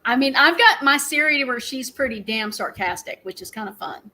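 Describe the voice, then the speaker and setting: A woman's voice: high-pitched, expressive, a little fast, bright, forceful tone, poor audio. A middle-aged woman, hosting a casual live stream and telling rambling stories with frequent laughs. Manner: chatty, rambling storyteller, laughs often.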